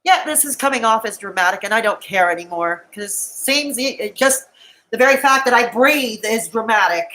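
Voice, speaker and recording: A woman with a somewhat high voice speaks on a live stream, tearful and raw. She sounds defensive and hurt as she talks straight to the few viewers in her chat. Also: moderate pace, pushed and bright, rough recording. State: crying.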